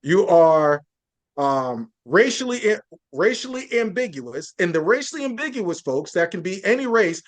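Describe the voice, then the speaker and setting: A man's voice: high-pitched, sing-song, measured pace. A man speaking as a journalist guest in a podcast interview, earnest and building his points through lists and frequent restarts.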